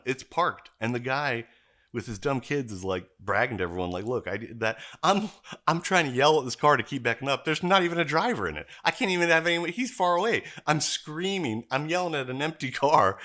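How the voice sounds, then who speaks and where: A man hosting a casual podcast chat, telling profane stories with lots of mimicking. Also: medium pitch. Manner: profane, animated storytelling with mimicked voices. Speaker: podcast host.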